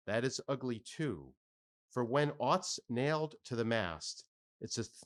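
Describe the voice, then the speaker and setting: A man voicing a crazed young cabin boy who chants in a wildly swinging, high singsong.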